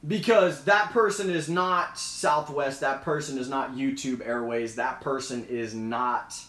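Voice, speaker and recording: A man's voice: medium pitch, a little slow, fairly bright tone, roomy sound. A man hosting a casual live Q&A, chatty and emphatic, repeating points as he explains. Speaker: host.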